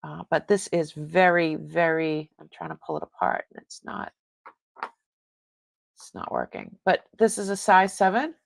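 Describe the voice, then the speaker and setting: A woman's voice: sits low, lively intonation, a little slow, gravelly, dry recording. A woman hosting a live online jewelry sale, chatting casually with viewers and rambling, often breaking off mid-sentence. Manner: chats with viewers reading comments.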